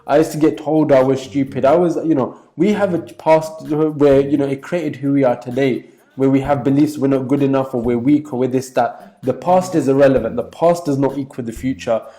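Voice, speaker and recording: A man's voice: mid-range voice, fairly even intonation, brisk, few pauses, warm tone. A man giving an emphatic motivational talk as a business coach, repeating points with many fillers.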